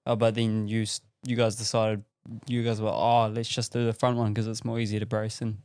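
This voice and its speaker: A man's voice: on the low side, level tone, fairly quick, darkish tone, clear, resonant tone, no echo, clean studio sound. A man recounting details in matter-of-fact casual podcast chat.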